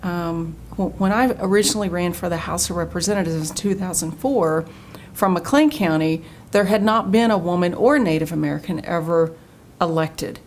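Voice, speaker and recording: A middle-aged state official from Oklahoma answers interview questions earnestly, telling stories and growing animated whenever she quotes someone. Her voice is lowish, her pace moderate, with slight background noise.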